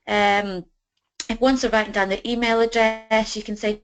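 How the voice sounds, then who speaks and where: A woman coaches a group through sales conversation scripts in a loose, chatty way. She keeps dropping in "you know" and acts out sample dialogue as she goes, in a voice of ordinary middle pitch. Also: steady tone, normal speed, smooth, rough recording. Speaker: business trainer.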